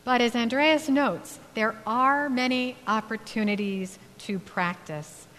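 A woman minister giving a sermon in a church, speaking in a reflective way with gentle pauses. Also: a little high. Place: church sanctuary. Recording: long hall reverb, faint hum.

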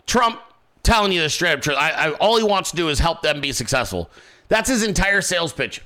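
A man tears into debate footage with crude, mocking commentary, his fairly high voice leaping all over the place. The tone is bright and edgy, and he swings from low mutters to loud outbursts. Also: expressive, brisk. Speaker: political commentary streamer. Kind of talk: profane reaction commentary.

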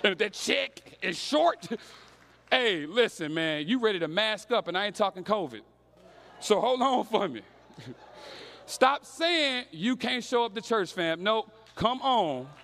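Young male preacher, high voice, slangy storytelling sermon. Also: very animated, unhurried, fairly bright tone, in a large hall.

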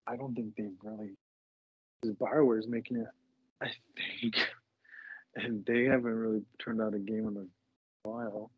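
Husky man rambling on a lo-fi mic. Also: fairly low pitch, level tone, measured pace, pauses often. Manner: rambling, hesitant, repeats himself. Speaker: podcast co-host. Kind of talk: casual chat. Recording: muffled lo-fi recording.

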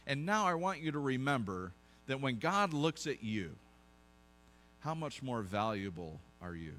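A man's voice: mid-range voice, big pitch swings, moderate pace, a bit bright, faint music behind. A pastor preaching a conversational sermon to his congregation, asking them questions as he goes.

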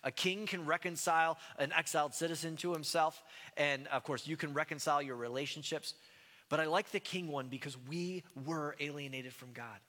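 A man from the United States preaching a sermon in a conversational, self-deprecating way, with animated asides. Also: on the high side, fairly quick, big-room sound. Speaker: pastor.

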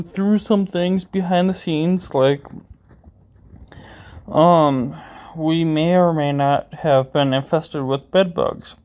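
A streamer talking through personal struggles in a halting way, full of fillers and restarts. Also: medium pitch, darkish tone. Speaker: streamer host. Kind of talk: personal vlog monologue. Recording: dull lo-fi sound.

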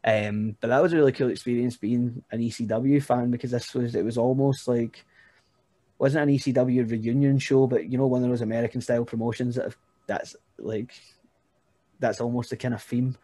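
A man's voice: medium pitch, fairly even intonation, moderate pace, mellow, no echo. Brief: young Scottish guy, chatty guest storyteller, laughs a lot, dry close sound. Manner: rambling, laughing, keeps saying "you know what I mean". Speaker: guest, pro wrestler. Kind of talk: casual podcast chat.

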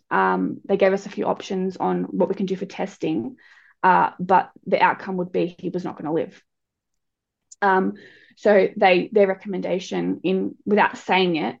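Gravelly-voiced woman telling her story. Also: mid-range voice, a little mellow. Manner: candid and frank, with frequent restarts. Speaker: guest speaker. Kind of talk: personal story in an interview. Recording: dull lo-fi recording.

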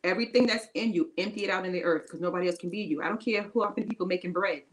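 A woman's voice: fairly low pitch, racing, low-quality recording. Woman preaching on a podcast, emphatic and repetitive. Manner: preachy and emphatic, repeating phrases; informal, casual grammar. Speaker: podcast co-host. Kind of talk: encouraging faith-based podcast talk.

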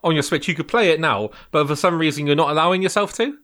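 A man with a bright, forceful voice chats casually as a podcast co-host. He rambles, hesitates and restarts his sentences often, and he. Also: fairly high pitch, fast talker. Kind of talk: casual chat.

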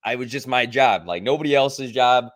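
A young adult man co-hosting a podcast and telling stories in a casual, animated way, acting out the quoted lines. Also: medium pitch, normal speed. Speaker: podcast co-host. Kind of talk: casual storytelling chat.

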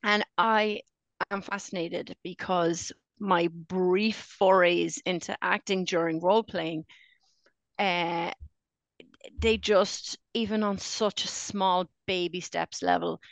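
A woman, co-hosting a casual pub podcast chat, animated and jokey, with sudden high exclamations. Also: takes it slowly, gravelly, no echo. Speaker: podcast co-host.

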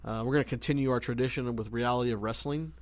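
A man's voice: medium pitch, steady tone, quick pace, no room sound. A man in his thirties co-hosting a podcast, joking and laughing in casual chat with slangy drawl. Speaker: podcast co-host.

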